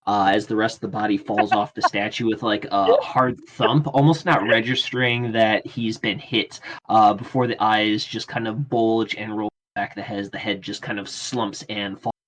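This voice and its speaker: A man running a tabletop game as game master, narrating casually and often pausing on fillers. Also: on the low side, fairly even intonation, a bit bright, low-quality recording. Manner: casual, halting, many fillers.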